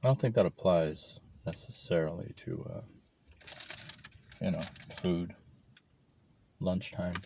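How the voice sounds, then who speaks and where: A man with a lowish voice chats and rambles over lunch, cursing freely. He talks straight to the camera, picked up by the camera mic and not a clip-on. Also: takes it slowly, gravelly, pauses often, mellow, a little hiss or hum. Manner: rambling, profane, swears often. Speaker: vlogger. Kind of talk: casual chat while eating lunch.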